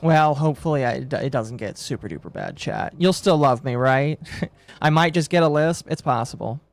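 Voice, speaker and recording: A woman's voice: low-pitched, normal speed, no echo. A woman streamer talking casually to her live chat, rambling and repeating herself with frequent laughs. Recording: dry close mic with background music.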